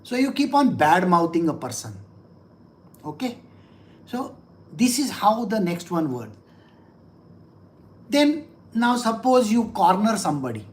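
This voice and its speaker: A woman's voice: mid-range voice, big pitch swings, unhurried, long pauses. Woman explaining scripture with rhetorical questions. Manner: asks rhetorical questions and repeats phrases for emphasis; acts out little quoted exchanges. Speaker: spiritual teacher.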